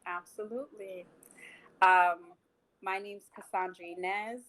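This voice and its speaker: A woman's voice: mid-range voice, steady tone, a little slow, a bit bright, poor audio. A woman in her twenties, a teacher, speaking as a podcast guest over a video call in an earnest, thoughtful way. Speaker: high school teacher guest. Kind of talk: casual podcast conversation.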